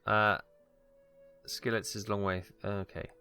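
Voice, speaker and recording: Gravelly, rambling British let's-play host. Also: male voice, fairly low pitch, level tone, takes it slowly, sharp tone, soft background music. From Wales. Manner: rambling, hesitant, many ums and asides. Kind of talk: casual gameplay commentary.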